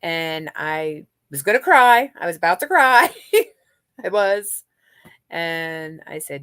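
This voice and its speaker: A middle-aged woman hosts a livestream in a casual, rambling chat with her viewers. Her voice sits fairly low for a woman, and she talks openly, with lots of fillers and restarts. The sound is dry and close, with almost no room. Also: lively intonation, slow pace, a bit bright, smooth, dry recording. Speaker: livestream host.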